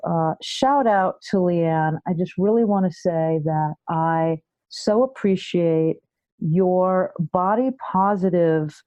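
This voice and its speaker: A middle-aged woman hosting a podcast episode as a health coach, speaking in an unhurried, deliberate way. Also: fairly low pitch, mellow, dry recording. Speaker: guest host, health psychology coach. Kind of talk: podcast monologue.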